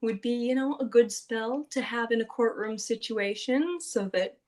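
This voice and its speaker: A woman with a fairly high voice tells the story of a tabletop game session. She talks casually and chattily, with lots of fillers, and acts out quotes along the way. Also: normal speed, a little mellow. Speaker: podcast host recapping a tabletop game session.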